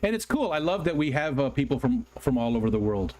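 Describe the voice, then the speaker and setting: A man's voice: mid-range voice, sing-song, fast, a little mellow, slight background noise. A man from the United States hosting a casual livestream, chatting and reading viewer comments aloud in a rambling, apologetic way with frequent ums and restarts. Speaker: livestream host.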